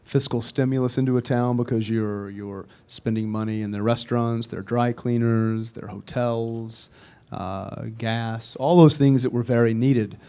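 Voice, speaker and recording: A man who wrote and directed a film, answering interview questions in a measured, deliberate way. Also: mid-range voice, fairly even intonation, mellow. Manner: measured, deliberate, with occasional fillers.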